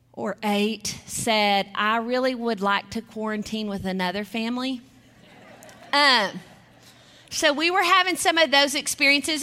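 A middle-aged woman preaches a sermon in a high, bright voice. She speaks earnestly, telling stories and reading scripture. The sound carries a long hall reverb from the church sanctuary. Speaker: guest speaker.

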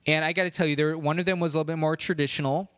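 A man's voice: fairly high pitch, fairly even intonation, rapid-fire, a bit bright, no echo, studio quality. A man hosting his own podcast, running through a playful countdown in a rambling, casual way, with hyped-up announcements. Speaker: podcast host.

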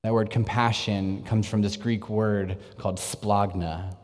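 Male preacher, lowish register, earnest sermon delivery with quiet intense drops, long hall reverb. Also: measured pace. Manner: earnest preaching, swings from energetic to hushed and intense.

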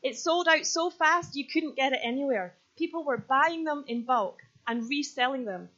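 Scottish woman in her 30s preaching, bit high voice, kinda muffled lo-fi recording. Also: moderate pace. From Scotland. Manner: lively, joking, then earnest and urgent. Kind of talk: sermon with props and stories. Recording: slightly dull, lo-fi sound.

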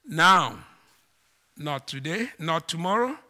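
A man preaching a sermon to his congregation, slow and emphatic, with dramatic swings in pitch and volume. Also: sing-song, bright, forceful tone. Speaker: pastor.

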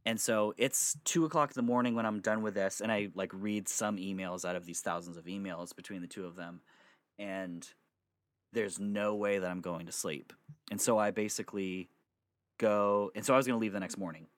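A man's voice: fairly low pitch, normal speed, no echo. A young man telling a long personal story to friends in a casual, rambling way, with swearing and laughter. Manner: rambling, animated, swears, laughs between lines.

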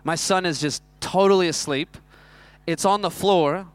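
A man, preaching a sermon that is built around a self-mocking personal story told in an animated way. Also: sits high, measured pace, clear, resonant tone, no room sound. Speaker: pastor.

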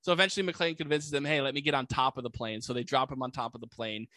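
A man casually recapping a movie plot, animated and full of "like" fillers, jumping into quick voices for the characters. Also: mid-range voice, dry recording. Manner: many "like" fillers.

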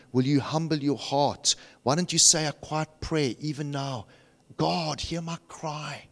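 Middle-aged male pastor, sermon delivery, fairly high voice, big dynamic swings. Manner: dynamic preaching, swinging from hushed to shouting.

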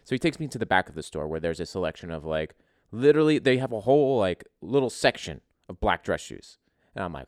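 A man's voice: deep voice, quick pace, dry recording, clean studio sound. A man hosting a casual podcast, telling a crude, joking story full of swearing. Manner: profane, joking, animated. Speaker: podcast host.

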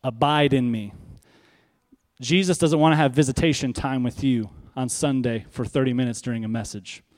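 A man preaching a sermon as pastor, stressing and repeating key words and slowing down for emphasis, speaking in a church sanctuary. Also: medium pitch, steady tone, a little mellow. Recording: long hall reverb.

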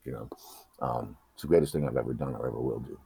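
A man's voice: very deep voice, fast, gravelly, mellow, slightly rough, dry recording. A middle-aged man from South Boston with a Boston accent, telling his own story candidly, emotional and profane with many restarts. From South Boston, USA. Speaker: memoir author, guest.

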